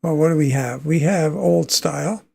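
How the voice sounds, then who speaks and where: A man's voice: on the high side, normal speed, gravelly, a little mellow, slightly rough. A man from Canada hosting a livestream, chatting casually and thinking aloud as he plays a trucking game, with easy chuckles. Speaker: livestream host.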